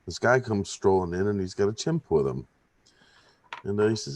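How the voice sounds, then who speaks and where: A man's voice: deep voice, lively intonation, moderate pace. A man, a guest on a casual podcast, telling a long joke in a tired, laid-back way and laughing often. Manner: laid-back storyteller, voices characters in jokes, laughs often.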